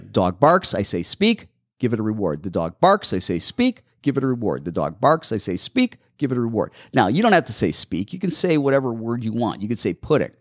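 Lively, practical dog-training show host. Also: male voice, mid-range voice, brisk, no room sound, studio quality. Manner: practical, instructive, repeats steps patiently. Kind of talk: call-in radio show Q&A.

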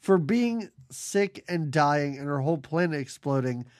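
A man's voice: on the high side, animated, a little slow, a little mellow. A man co-hosting a podcast, chatting casually about a movie with wry, joking asides. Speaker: podcast co-host. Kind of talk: casual movie recap chat.

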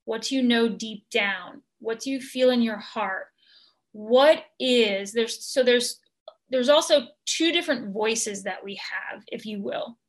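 Slow, gentle woman coach. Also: fairly high pitch. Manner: gentle, measured and earnest, with many ums. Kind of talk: podcast interview answer.

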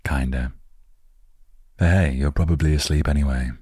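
A man's voice: rumbling low, steady tone, normal speed, warm tone, husky, no room sound. A man hosting a podcast meant to help listeners fall asleep, rambling and correcting himself with dry humor. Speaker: podcast host. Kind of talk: slow rambling sleep podcast monologue. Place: lives in a van.

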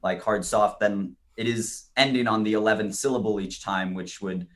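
Low-voiced man, hesitant and rambling. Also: steady tone, normal speed. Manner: hesitant, fills his talk with "like". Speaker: guest. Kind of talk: casual literary discussion.

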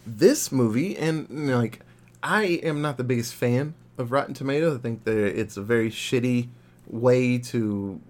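Young male podcast co-host, casual and profane, animated film chat. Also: medium pitch, moderate pace.

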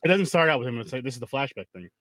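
A man's voice: mid-range voice, very animated, rapid-fire, a bit bright, no room sound. A man in casual, profane conversation about a film, rambling and restarting his sentences. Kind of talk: casual movie review chat.

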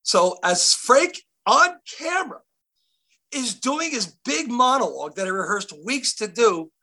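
A man's voice: very high-pitched, very animated, measured pace, sharp tone. A middle-aged man, an actor guest, telling stories in a casual interview with many restarts and fillers.

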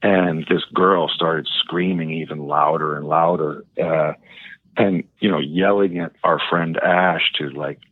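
A man's voice: extremely low pitch, steady tone, unhurried, breathy edge, no room sound. A man calling in to a talk show, telling a personal story in a hesitant, rambling way full of fillers and restarts, heard over a tinny phone line. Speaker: caller.

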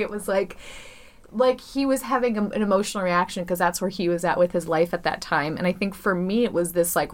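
A woman co-hosting a podcast, telling a story in casual chat with lots of "like" and frequent laughter. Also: medium pitch. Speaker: podcast co-host.

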